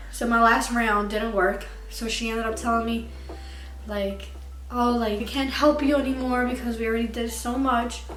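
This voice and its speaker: A young woman vlogger candidly telling a personal story to camera, emotional and tearful at times. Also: fairly high pitch. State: crying at times. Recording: echoey room, far from mic, faint music.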